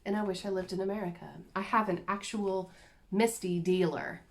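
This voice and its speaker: A woman's voice: medium pitch, steady tone, normal speed. A woman chatting casually and self-deprecatingly as she shows her cross-stitch projects to the camera. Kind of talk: casual show-and-tell chat.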